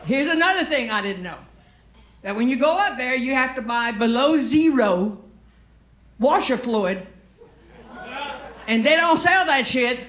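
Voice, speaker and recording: A woman's voice: sits high, fairly bright tone, a little hiss or hum. Brash Cajun woman doing stand-up. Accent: Cajun Southern US. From Louisiana. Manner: brash, profane storytelling with quoted asides. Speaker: stand-up comedian. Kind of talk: stand-up comedy set. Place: comedy stage with live audience. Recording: roomy live venue with faint ambience.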